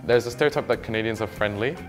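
A man from Britain chatting casually as a guest in a filmed accent challenge, relaxed and self-deprecating. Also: fairly low pitch, very fast, faint music behind. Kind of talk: casual chat.

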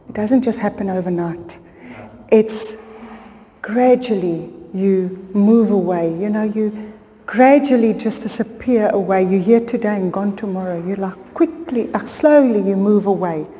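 A woman's voice: fairly high pitch, mellow. Middle-aged woman preacher, fervent storytelling, reverberant church hall. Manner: storytelling, rising to fervent appeals. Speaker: pastor. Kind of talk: sermon.

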